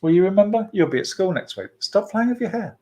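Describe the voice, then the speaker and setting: A man's voice: high voice, sing-song, fast talker, darkish tone. Upbeat man hosting a kids' club. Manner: chatty and playful, with frequent laughs and fillers. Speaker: host of a children's church club. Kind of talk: casual online hosting for children.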